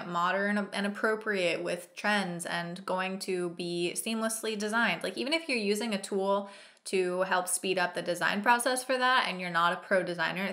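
Bright, blunt woman reacting on camera. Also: medium pitch. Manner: blunt and opinionated, repeats points for emphasis. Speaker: freelance copywriter reacting to a video. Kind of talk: casual reaction commentary.

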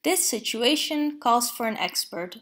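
A pompous, long-winded storybook owl, as a woman reads him, slightly high and taking his time. He lays on big words with solemn dignity. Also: expressive, unhurried, fairly bright tone, heavily acted. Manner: pompous, wordy.

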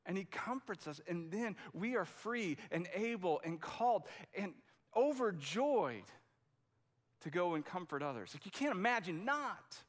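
A man's voice: sits high, expressive, a little slow. A man preaching a sermon in a conversational, emphatic way, often restarting his sentences. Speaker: pastor.

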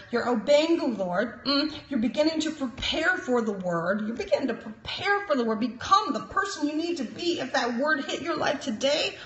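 A woman with a high, bright-toned voice preaches with emphatic conviction. Her teaching is peppered with praises and little chuckles. The recording carries a noticeable roomy echo. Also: highs cut off, a little hiss or hum. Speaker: prophet and minister. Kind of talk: sermon-style teaching.

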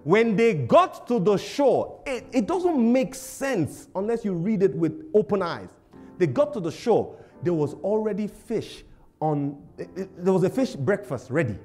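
A male pastor preaching a sermon, animated and laughing often, repeating phrases for emphasis. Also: high-pitched, a little slow, soft background music.

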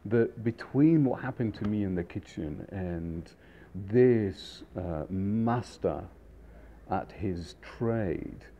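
A man's voice: lowish voice, animated, slow, dark tone, dull audio, a little hiss or hum. A middle-aged man casually telling a rambling anecdote with many fillers and restarts. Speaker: storyteller, restaurant industry veteran.

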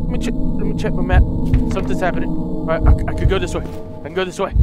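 A man's voice: high voice, lively intonation, fast, heavy background noise. A man hosting a gaming video, giving panicky, melodramatic horror game commentary full of screams. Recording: loud background music.

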